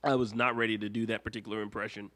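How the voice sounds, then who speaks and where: A man's voice: lowish voice, level tone, racing, a bit bright. A man hosting a casual live stream, chatty and rambling, full of fillers. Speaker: YouTube host.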